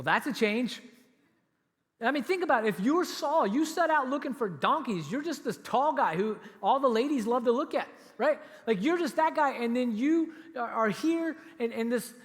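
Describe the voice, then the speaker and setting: A man preaching a sermon as pastor, telling a story in an animated way and acting out what the people in it say. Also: high voice. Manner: animated storytelling, acts out quoted lines. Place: church auditorium. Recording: reverberant church hall.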